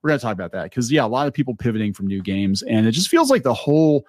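A man's voice: medium pitch, sing-song, very fast, a little mellow, dry recording. A man in his forties with a cartoonish-sounding voice, hosting casual opinion commentary in a rambling, chatty way with many fillers and restarts. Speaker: video commentary host.

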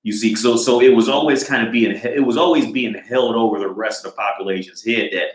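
A man's voice: medium pitch, a little fast. A man giving his opinion in a casual, rambling monologue, restarting often and swearing freely. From United States. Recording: roomy echo.

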